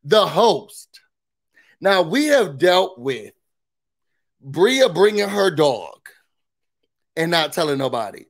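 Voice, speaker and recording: A man's voice: a little high, sing-song, takes it slowly, long pauses. A man hosting a casual reality TV recap, talking in an emphatic, opinionated way with blunt asides.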